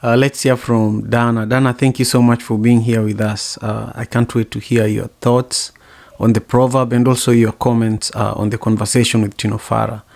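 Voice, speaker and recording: A male host speaks politely and graciously as he introduces the next speaker. His voice is gravelly, and his delivery stays flat and even. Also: mid-range voice, normal speed. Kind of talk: hosting a discussion.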